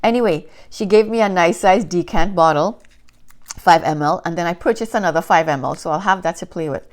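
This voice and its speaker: Female vlogger, slightly low voice, animated and gushing, casual storyteller. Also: fairly quick. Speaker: fragrance reviewer. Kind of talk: casual chat to camera. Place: Canada.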